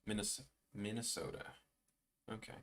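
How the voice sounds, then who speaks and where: A man's voice: on the low side, a little slow, fairly bright tone. A young man with a Chicago accent chatting casually with viewers on a drawing livestream, rambling with lots of restarts. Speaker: art streamer.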